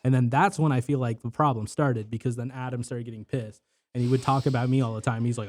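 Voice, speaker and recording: A man's voice: mid-range voice, steady tone, fast talker, a little mellow. A young man telling work stories in casual podcast chat, rambling with lots of filler words and swearing.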